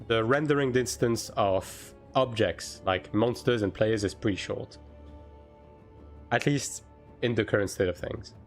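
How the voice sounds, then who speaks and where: On a live game stream, a man with a lowish voice chats casually, answering chat in quick bursts packed with fillers.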